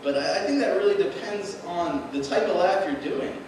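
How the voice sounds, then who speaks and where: A young man doing rambling stand-up on a small club stage, his slightly high voice caught from across an echoey room. He keeps tripping over his words and chuckling at his own punchlines, with a steady hiss of noise under everything. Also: normal speed. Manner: rambling, self-deprecating, laughs at own jokes. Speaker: stand-up comedian. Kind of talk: open-mic stand-up comedy. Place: small club with live audience. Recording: echoey room recorded from a distance, noisy.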